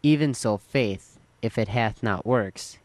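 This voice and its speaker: A man reading Bible verses aloud slowly and deliberately during a sermon. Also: lowish voice, no room sound. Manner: slow, measured reading. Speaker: scripture reader.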